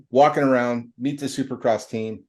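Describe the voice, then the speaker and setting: A middle-aged man with a mid-range voice hosts a podcast in a loose, casual way. He tells a long, rambling story with plenty of fillers, restarts and slang. His delivery stays animated and chatty throughout. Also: mid-range voice, slow pace. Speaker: podcast host.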